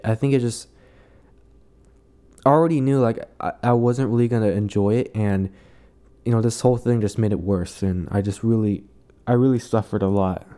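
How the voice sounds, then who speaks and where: A young man venting in a casual monologue, halting and full of restarts, sounding weary and resentful. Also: medium pitch, mellow.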